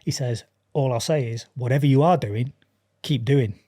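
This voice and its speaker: A man's voice: mid-range voice, normal speed, dark tone, slightly rough. A man chatting as a podcast guest, animatedly acting out dialogue and laughing often. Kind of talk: casual chat.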